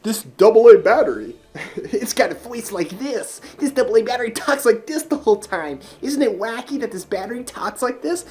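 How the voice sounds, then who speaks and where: A man voicing a wacky talking male AA battery in a high, cartoonish put-on voice. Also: animated, normal speed, darkish tone. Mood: mocking.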